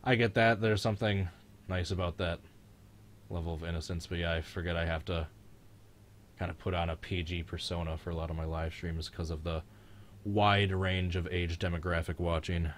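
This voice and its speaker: Deep-voiced joking young man. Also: moderate pace, a little hiss or hum. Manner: joking, excitable, mild swearing. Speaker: host of a live-streamed racing reaction show. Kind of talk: casual live-stream race commentary.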